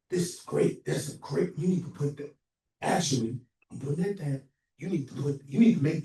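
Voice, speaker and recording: Animated man telling stories in an echoey hall. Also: medium pitch, far from the mic. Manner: animated, acts out phone calls, laughs often. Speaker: memorial speaker, friend and co-author. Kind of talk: storytelling tribute speech. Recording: echoey hall heard from afar.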